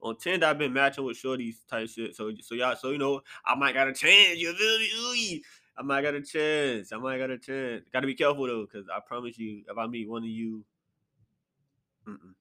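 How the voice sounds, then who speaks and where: A man's voice: mid-range voice, normal speed, pushed and bright. A young man hosting a solo podcast, rambling and profane, often mocking himself. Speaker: podcast host. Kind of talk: casual solo podcast rant.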